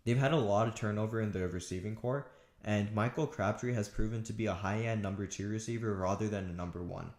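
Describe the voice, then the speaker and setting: A man's voice: on the low side, fast talker, a little mellow, echoey room. A man talking through football draft picks alone, casual and thinking aloud with frequent restarts. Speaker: sports commentator. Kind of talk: solo draft analysis talk.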